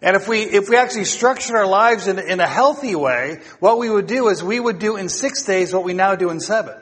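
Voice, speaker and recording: Middle-aged pastor guy preaching, slightly high voice, long church echo, keeps asking the room questions. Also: lively intonation, a little fast, a bit bright, husky. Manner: earnest, exhorting, asks the congregation questions. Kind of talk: sermon.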